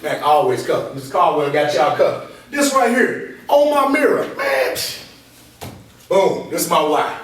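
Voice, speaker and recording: A man giving an animated motivational talk to a live group, often checking whether the audience is following him. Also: a little high, normal speed. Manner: animated call-and-response, repeatedly asking the audience to follow along. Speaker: motivational speaker and coach. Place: meeting room with an audience. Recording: echoey room from far off.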